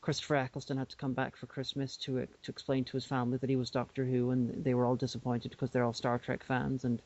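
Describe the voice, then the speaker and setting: A man's voice: medium pitch, completely flat delivery, fast talker, darkish tone. A man co-hosting a podcast, explaining things in a rambling casual way with many restarts. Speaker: podcast co-host. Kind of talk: casual chat. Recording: dull lo-fi podcast audio.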